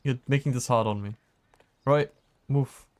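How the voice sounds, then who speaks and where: A man's voice: medium pitch, unhurried. A man streaming a game and chatting casually, laughing often as he plays. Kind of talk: casual gameplay chat.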